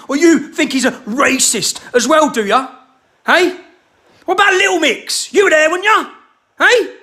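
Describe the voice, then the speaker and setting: A man delivering a heated, shouting rant to the camera. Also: very high voice, normal speed.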